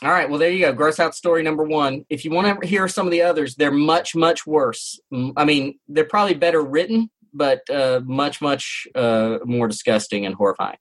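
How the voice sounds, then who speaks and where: Husky-voiced man, dramatic storyteller. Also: on the high side, normal speed, hardly any pauses, a bit bright. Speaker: podcast host. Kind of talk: dramatic first-person story reading.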